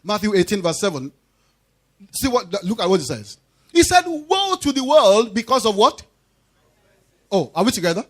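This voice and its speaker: A man's voice: high voice, very animated, normal speed, long pauses, a bit bright. A man preaching a sermon in church, who drives his point home through repetition and call-and-response questions to the congregation. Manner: emphatic call-and-response preaching, repeating key phrases. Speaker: pastor.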